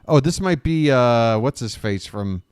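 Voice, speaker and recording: A male live-stream host who talks slowly in a smooth, clear voice. He rambles and jokes sarcastically, cutting himself off mid-thought. The sound is dry and close. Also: mid-range voice, animated, a little mellow, no room sound. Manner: joking, sarcastic riffing; rambling, self-interrupting. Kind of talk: casual live-stream commentary.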